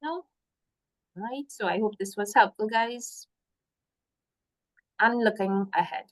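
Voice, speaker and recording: A woman's voice: mid-range voice, slow pace. Encouraging woman presenting a webinar. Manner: encouraging, lists points, frequent "so". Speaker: workshop guest host. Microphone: video call.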